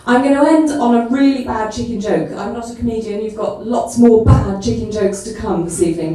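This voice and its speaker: A woman's voice: a little high, dark tone. A woman closing a light-hearted talk on stage with dry, wry jokes. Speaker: guest speaker. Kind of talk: comic science talk. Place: live comedy venue. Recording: echoey hall from far off.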